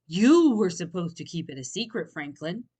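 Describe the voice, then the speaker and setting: A woman's voice: fairly low pitch, sing-song, normal speed, dark tone, breathy edge. A woman voicing a proud young bear in a children's storybook reading, speaking firmly and sternly. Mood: angry. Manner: firm, stern when upset.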